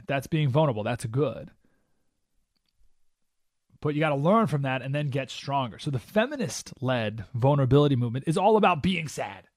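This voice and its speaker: A man's voice: on the high side, no room sound, studio quality. A male radio talk show host delivering an emphatic, preachy opinion monologue. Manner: animated, emphatic, preachy with acted-out quotes.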